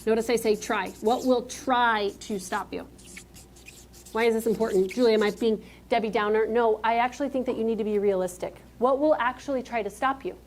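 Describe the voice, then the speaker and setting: A woman in her thirties with a fairly high voice gives a keynote speech on a conference stage. She is energetic and joking, and she keeps talking directly to the crowd in front of her. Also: a little fast, slight background noise. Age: 30s. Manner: energetic, joking, talks straight to the audience. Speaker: motivational speaker. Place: conference stage before a live audience.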